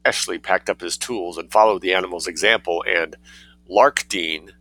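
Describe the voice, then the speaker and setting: A man narrating a story in a measured, wry reading. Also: deep voice, pushed and bright, no room sound, rough recording.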